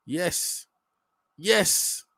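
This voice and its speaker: A young man reacting live to a football penalty shootout, swearing, muttering tensely and then shouting. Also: very slow, no room sound. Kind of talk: live watch-along reaction.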